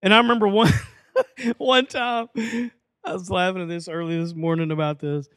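A man preaching a sermon as pastor, lively, with folksy asides and acted-out quotes. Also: high voice, moderate pace, smooth, no room sound, clean studio sound.

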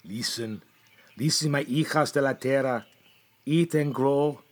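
A man's voice: medium pitch, unhurried. A man performing a comedic gardener, who mutters to himself anxiously and talks fondly to his plants. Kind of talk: comedy sketch monologue.

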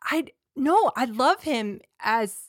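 A woman's voice: high-pitched, lively intonation, slow, a bit bright, no room sound. Chatty woman co-host, dry sound. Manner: chatty and rambling, with frequent restarts and laughs. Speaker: podcast co-host. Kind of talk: casual film chat.

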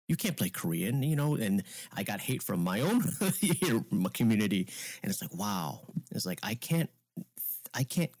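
A man's voice: fairly low pitch, darkish tone, no room sound. A man who acts, talking candidly as a guest in a casual interview, rambling and restarting as he tells stories. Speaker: actor guest.

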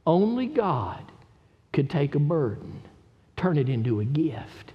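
A high-pitched man delivering a sermon from a church pulpit. He moves between steady Scripture teaching and impassioned, emphatic exhortation. His voice carries a long reverb from the sanctuary. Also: slow, dull audio. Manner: impassioned, rising to loud emphatic preaching. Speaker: pastor.

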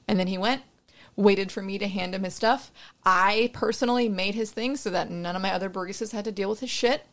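Speaking briskly in a medium-pitched voice, a young barista and podcast co-host tells a story in casual chat, frank and freely swearing.

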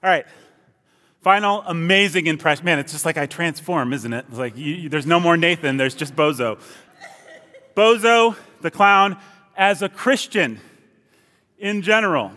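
A man with a somewhat high voice preaches at a church service, joking with the people in front of him. His voice carries a long reverb through the hall. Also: moderate pace, long pauses, sharp tone. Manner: playful and chatty with the congregation. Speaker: pastor. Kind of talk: sermon.

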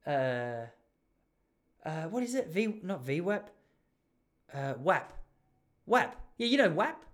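A man's voice: a little high, slow pace. Rambling, jokey Australian man. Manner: rambling, jokey, animated storytelling with laughs. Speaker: podcast host. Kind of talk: casual chat.

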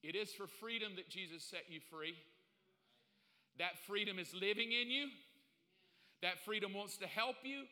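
A man preaching a sermon, swinging from hushed pleading to loud excited preaching, folksy and joking as he acts out little dialogues. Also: high voice, moderate pace, long pauses, in a large hall. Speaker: pastor.

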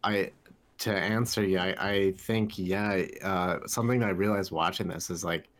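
A man's voice: deep voice, fairly even intonation, normal speed, a bit bright. A man co-hosting a film podcast, chatting casually and rambling with lots of fillers. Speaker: podcast co-host. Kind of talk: casual film review chat.

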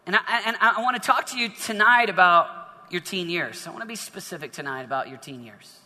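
A man's voice: high-pitched, a little fast, pushed and bright, big-room sound. A man preaching a sermon to young people. He tells a personal story and often repeats words and restarts his sentences. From northern United States. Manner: storytelling with frequent repetitions and restarts.

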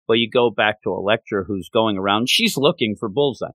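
A man's voice: fairly low pitch, fairly quick, fairly bright tone, no room sound. Chatty man recapping a comic, dry sound. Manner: rambling, chatty retelling with fillers. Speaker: comic book reviewer. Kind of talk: casual spoken review.

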